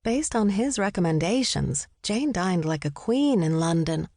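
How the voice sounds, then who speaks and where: A woman narrating a cozy mystery audiobook in a measured, descriptive way. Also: lowish voice, animated, mellow, no room sound. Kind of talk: scripted narration. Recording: dry studio close mic.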